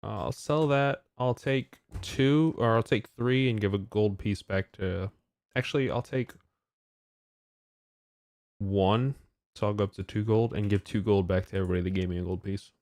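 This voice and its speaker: A man's voice: lowish voice, normal speed, a little mellow, no echo. A man playing a tabletop game, practical and working out trades aloud. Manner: practical, works things out aloud. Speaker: player.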